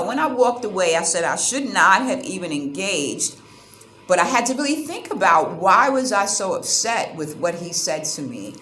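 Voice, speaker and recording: A woman from the United States telling a story to camera as a vlogger, animated and indignant, acting out the back-and-forth of an argument. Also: medium pitch, a little hiss or hum. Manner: animated, indignant retelling with quoted exchanges. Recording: roomy sound with faint ambience.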